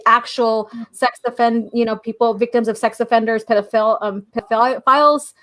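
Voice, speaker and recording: A woman's voice: fairly high pitch, fairly even intonation, moderate pace, a bit bright. A woman co-hosting a live-stream podcast over a video call, chatting and reading out viewer messages with gushing asides. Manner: chatty, gushing, with frequent fillers. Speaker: podcast co-host.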